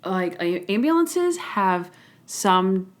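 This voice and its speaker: A young adult woman co-hosting a podcast in casual chat, animated and full of restarts, often acting out what people said. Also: medium pitch, slow. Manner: animated, quotes people in voices, trailing restarts. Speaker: podcast co-host.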